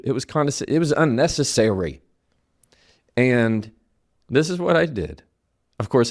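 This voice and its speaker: A man giving a motivational talk, coaching the listener directly and telling a story with animated delivery. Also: lowish voice. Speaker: attorney giving life advice.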